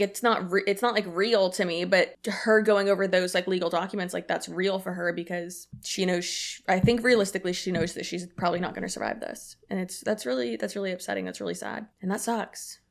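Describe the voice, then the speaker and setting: A woman's voice: medium pitch, fairly even intonation, a little fast, few pauses. Chatty young woman giving commentary. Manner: chatty, lots of "like" fillers, emotional. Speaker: commentary YouTuber. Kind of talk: casual commentary.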